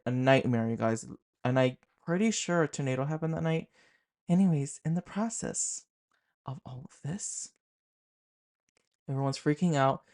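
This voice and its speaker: A young man tells a creepy personal story to his vlog audience. His voice sits at an ordinary middle pitch, and he leans into the drama. He talks loosely, full of "like" and quick asides. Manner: animated, fillers of "like", dramatic retelling. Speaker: horror storyteller host.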